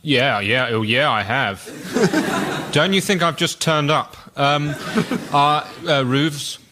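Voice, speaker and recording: A man on a comedy panel hesitating with fillers, then ranting in an indignant, deadpan way. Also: a little high, slow, background noise. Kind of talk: comic rant.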